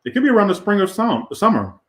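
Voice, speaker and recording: A man's voice: high voice, wildly swooping pitch, fast, a bit bright, roomy sound. A man doing a casual tarot reading in a crude, profane, rambling way. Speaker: tarot reader.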